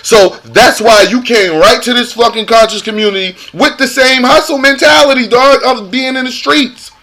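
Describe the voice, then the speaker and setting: A man's voice: very high-pitched, normal speed, bright, forceful tone. A man delivering a heated, profane rant as a vlogger, repeating himself for emphasis. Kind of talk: angry rant to camera.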